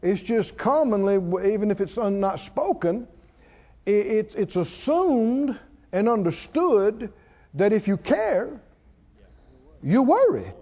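A man preaching a sermon, calling on the congregation to answer back and building up to shouts. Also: high-pitched, sing-song, slow. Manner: call-and-response, coaxing the congregation, rising to shouts. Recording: dull sound with long hall reverb.

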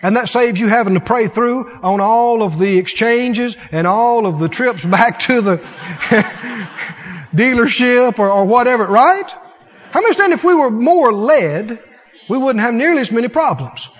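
A male preacher with a high voice delivers an animated sermon, breaking into shouts and scornful laughter as he acts out little scenes. His voice rings with a long hall reverb. The sound is dull and lo-fi. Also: unhurried.

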